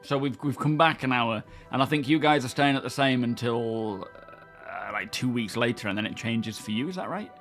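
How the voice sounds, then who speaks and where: A man's voice: medium pitch, moderate pace, fairly bright tone, faint music behind. A young man streaming a game, chatting casually and greeting his viewers by name. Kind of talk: casual live-stream chat.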